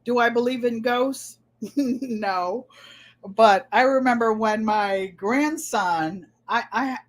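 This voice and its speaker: Older New England woman telling stories. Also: medium pitch. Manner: storytelling, laughs easily, repeats words. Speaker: vlogger. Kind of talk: casual chat answering tag questions.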